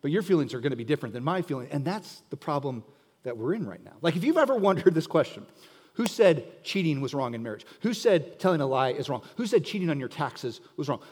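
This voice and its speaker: Male pastor, middle-aged, high-pitched and emphatic, sermon recorded with long hall echo. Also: sing-song, fast, a little mellow. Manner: emphatic, questioning the listeners directly.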